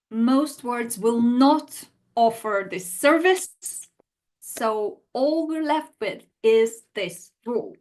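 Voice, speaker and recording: A woman teaching a live online language lesson, talking straight to her viewers and answering their chat replies. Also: fairly high pitch. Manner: lively, animated, talks to viewers directly.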